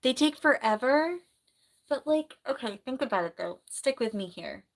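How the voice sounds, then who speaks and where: A woman on a casual live stream, chatting and rambling in a soft voice. She has a sore throat and keeps clearing it. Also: high voice, expressive, normal speed. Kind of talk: casual live-stream chat reading comments.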